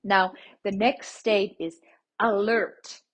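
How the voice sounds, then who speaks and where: A woman hosting a parenting podcast, explaining child-rearing principles in a gentle, teacherly way, often checking in with "okay?". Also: medium pitch, steady tone, slow. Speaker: parenting podcast host, licensed clinical social worker. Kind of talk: instructive podcast talk.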